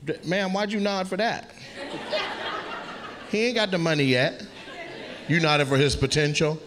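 A brash man doing stand-up crowd work on a club stage, ribbing audience members in a slightly high voice. His profane jabs come quick, and he slips into put-on voices for the people he teases. A loud crowd laughs around him on the live recording. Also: steady tone, noisy background. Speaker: stand-up comedian.

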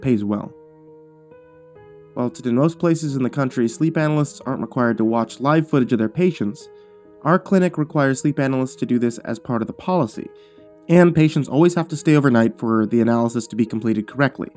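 Soft music plays underneath as a man reads a horror story told in the first person, keeping his voice quiet and deliberate and letting it fall at the suspenseful parts.

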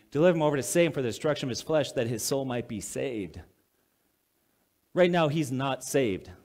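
Reading a scripture passage aloud, a male pastor then unpacks it in plain terms and asks his congregation questions. His sermon is conversational, delivered in a slightly high voice with a darkish tone.

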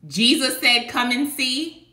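Woman, colloquial devotional preacher; sharp, bright tone; recorded in a roomy space. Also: sits high, slow pace. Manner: emphatic, colloquial, rhetorical. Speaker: online preacher. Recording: echoey room.

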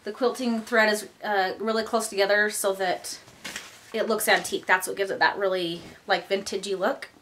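Slightly breathless, a young woman gushes through a casual vlog, leaning heavily on the fillers "like" and "um." Her mid-range voice is fairly bright, with fairly even intonation and a moderate pace, and there's slight background noise.

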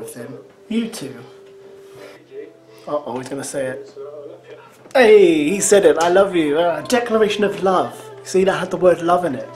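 Sarcastic man reacting over music. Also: on the high side. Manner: sarcastic, teasing running commentary. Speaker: reaction commentator. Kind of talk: reaction commentary. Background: show soundtrack music.

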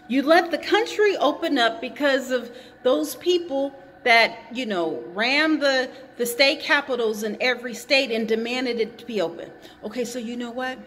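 A woman's voice: high-pitched, a bit bright, long reverb tail, a little hiss or hum. A woman vlogging from a hot garage, rambling and indignant as she repeats her points while chewing gum. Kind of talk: casual opinion vlog.

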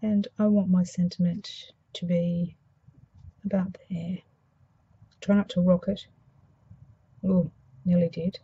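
A woman with an Australian accent, slightly hoarse after a flu, demonstrating a craft project in a soft, mumbling, thinking-aloud way. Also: on the low side, flat delivery, measured pace, long pauses, muffled recording. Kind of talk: casual craft tutorial.

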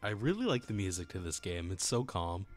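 A man casually commenting while he plays a video game, goofy and excitable, humming along with it. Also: deep voice, fairly quick, faint music behind. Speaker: let's play host.

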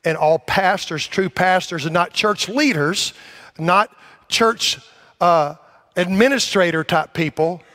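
Rambling, energetic pastor with a higher voice. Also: male voice, takes it slowly. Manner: rambling, energetic, self-deprecating, rising to emphatic calls. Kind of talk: sermon. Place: church sanctuary.

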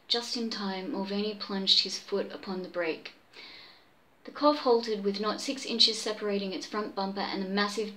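A woman's voice: medium pitch, fairly bright tone, poor audio. A woman host casually reading a pulp story aloud, stumbling, restarting and muttering asides to herself.

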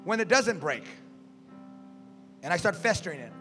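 A male pastor preaching a sermon, animated and calling out to his congregation. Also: high voice, moderate pace. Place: church sanctuary. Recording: reverberant church hall, faint music.

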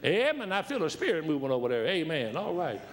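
Folksy preacher, highish voice. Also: male voice, sing-song, a little fast. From Detroit. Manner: folksy, rambling anecdotes with repeated restarts. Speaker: guest preacher. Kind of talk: storytelling sermon.

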